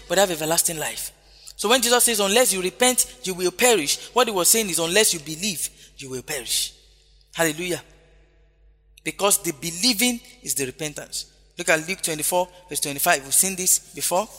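High-pitched and sharp-toned, this man delivers an emphatic sermon, repeating key phrases and shouting hallelujah often. The recording carries long hall reverb and faint background music.

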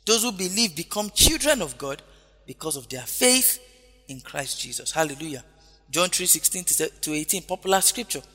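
Emphatic high-voiced preacher in a reverberant hall. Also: male voice, bright, forceful tone. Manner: emphatic, repeats key phrases, frequent hallelujahs. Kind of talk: sermon. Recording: long hall reverb with faint music.

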